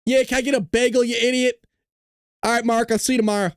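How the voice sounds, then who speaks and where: A man putting on the voice of a surly, rough-talking New York man ordering a bagel. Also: extremely high pitch, fairly even intonation, fast talker, dry recording, clean studio sound, pitched above the performer's own voice. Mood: gruff. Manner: gruff, rude.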